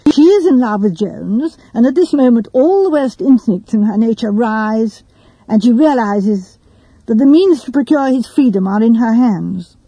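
A woman voicing a young man laying out a theory slowly and deliberately. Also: on the high side, lively intonation, dark tone, breathy edge, no room sound, low-quality recording. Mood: reasoning. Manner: slow, deliberate explaining.

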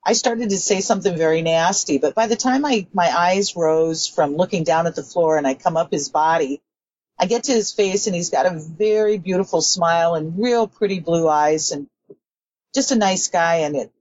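Low-voiced woman recounting a memory. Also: normal speed, darkish tone, no room sound. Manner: earnest, reflective. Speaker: interview guest. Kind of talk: casual storytelling. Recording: dull lo-fi sound.

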